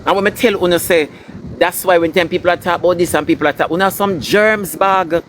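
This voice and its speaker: A man's voice: sits high, fairly even intonation, brisk, noisy background. A man with a Jamaican accent delivering a scolding, preachy rant full of emphatic repetition. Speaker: entertainer ranting online. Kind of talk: ranting commentary.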